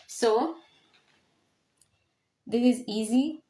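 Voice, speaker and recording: A woman teaching a French lesson, saying each word slowly and repeating it for learners to copy. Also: mid-range voice. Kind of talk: classroom language lesson.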